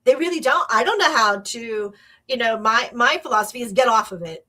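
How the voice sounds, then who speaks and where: A woman's voice: on the high side, expressive, a little fast, bright, forceful tone. A middle-aged woman hosting a casual spiritual talk, rambling with restarts and acting out quotes. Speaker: host.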